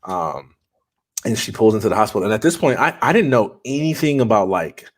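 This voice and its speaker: A man's voice: lowish voice, animated, a little fast. A man, a podcast guest, telling a personal story in an earnest, conversational way, with frequent restarts.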